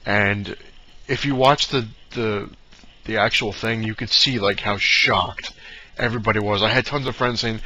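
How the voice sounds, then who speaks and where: A man's voice: fairly low pitch, moderate pace, pushed and bright, dull audio, a little hiss or hum. A man ranting casually in a vlog, rambling with many fillers and restarts. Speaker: vlogger.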